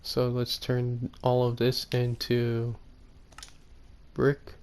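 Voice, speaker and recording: A man casually commenting on his own gameplay, rambling and correcting himself, often speaking quietly. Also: medium pitch, completely flat delivery, extremely slow, smooth. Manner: rambling, self-correcting, soft-spoken. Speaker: gaming YouTuber.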